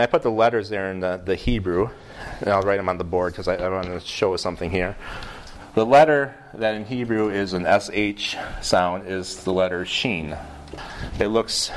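An American man teaching a Bible class in a room with a board, lively, putting questions to the class and often restarting his sentences. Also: fairly low pitch, a little hiss or hum. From United States.

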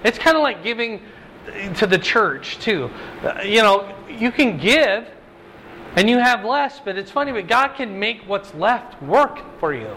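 A man's voice: measured pace, slight background noise, poor audio. A man teaching a Bible lesson as a pastor, reading Scripture aloud and often checking in with his listeners with "okay?" and "right?". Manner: animated, swings pitch high when voicing God's words, checks in with "okay?". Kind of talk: sermon, Bible study teaching.

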